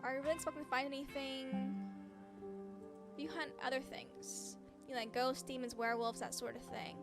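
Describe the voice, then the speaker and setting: A woman's voice: sits high, level tone, normal speed. A woman streamer playing a story game, giggling and reacting aloud over game music. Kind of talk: let's play commentary.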